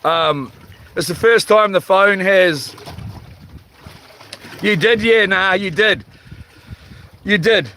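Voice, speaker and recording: A New man streaming from a fishing rock, chatting in a halting, rambling way as he reads viewer comments, his voice a little rough and tired. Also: high voice, pushed and bright, slight background noise. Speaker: livestream host. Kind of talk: casual livestream chat. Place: outdoors on a rock by the water at night. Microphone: phone.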